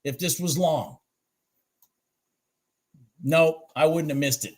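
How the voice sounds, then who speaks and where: A man hosting a trading channel, reviewing his live trades on charts in a lively, swearing, self-talking way. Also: on the high side, takes it slowly, heavy background noise. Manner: animated, swears and talks to himself about the charts.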